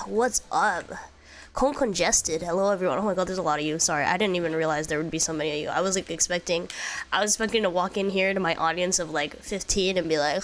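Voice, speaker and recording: A young woman with a fairly low voice talks briskly over soft background music, stuffy and nasal from a cold. Streaming a casual chat, she's bubbly and rambling, switching between English and Japanese.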